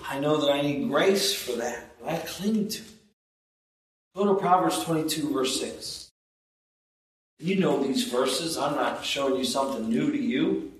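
A man preaching a sermon as pastor, slow and emphatic, rising in intensity on key points. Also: medium pitch. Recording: roomy echo, distant from the mic.

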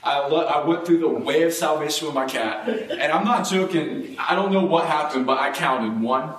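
A man preaching a sermon and telling a personal story, his voice jumping up high when he gets excited. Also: normal speed, echoey room, distant mic, rough recording.

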